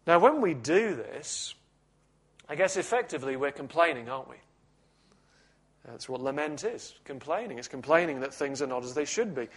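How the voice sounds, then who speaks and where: A man preaching a sermon in a measured, reflective teaching manner with touches of gentle humor. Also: mid-range voice.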